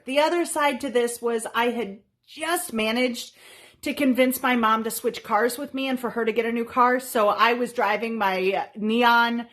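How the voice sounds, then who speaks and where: Animated woman telling a story. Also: fairly high pitch, a little slow. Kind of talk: casual storytelling.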